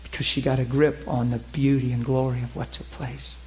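A man preaching a sermon, telling a story with lively acted-out quotes. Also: mid-range voice, a little fast. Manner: animated, acts out quoted voices. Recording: muffled lo-fi sermon recording.

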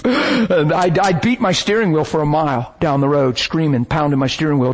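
Male preacher, slightly high and husky, animated storyteller who swings into bursts of shouting. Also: normal speed, hardly any pauses. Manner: animated, dramatic retelling with bursts of shouting and laughter. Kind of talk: sermon storytelling.

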